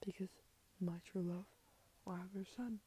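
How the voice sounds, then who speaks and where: A woman voicing a stern male pirate captain in a hushed whispered role-play. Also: medium pitch, steady tone, moderate pace, slightly rough, close to an everyday voice.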